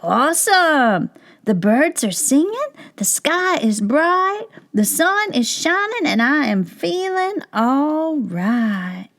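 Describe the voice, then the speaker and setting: A woman voicing an upset young male squirrel in a children's storybook reading, in a high, squeaky put-on voice. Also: big pitch swings, slow, fairly bright tone, exaggerated voice. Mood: delighted.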